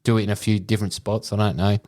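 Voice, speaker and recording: A man's voice: fairly low pitch, little pitch movement, fast talker, darkish tone. An Australian man, a podcast co-host, telling a crude story in casual chat and laughing through it.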